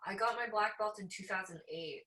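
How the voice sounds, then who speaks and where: A Canadian woman in her thirties, a podcast guest, telling lively stories in casual conversation and laughing often. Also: mid-range voice, brisk. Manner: animated storyteller, laughs often. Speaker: podcast guest, jiu-jitsu black belt. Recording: echoey room.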